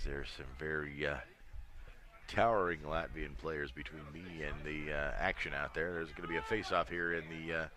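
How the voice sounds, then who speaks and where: Very deep-voiced male lacrosse commentator. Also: measured pace, long pauses. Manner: relaxed, chatty, dry humor with frequent fillers. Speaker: play-by-play commentator. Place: outdoor stadium.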